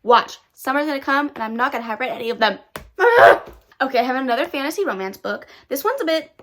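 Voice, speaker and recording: A young woman, chatting casually and excitedly to her viewers about books she plans to read. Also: high voice, rapid-fire. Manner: bubbly, self-hyping, talks to viewers directly. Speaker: booktuber. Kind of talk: casual chat.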